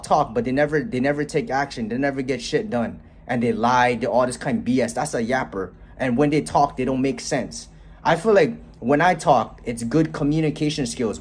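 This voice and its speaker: A man's voice: medium pitch, breathy edge. A young man ranting casually and bluntly to camera about communication, swearing often and tagging "right?" onto his sentences. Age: young adult. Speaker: motivational vlogger. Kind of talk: casual motivational rant to camera. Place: bedroom, then walking outdoors on a street.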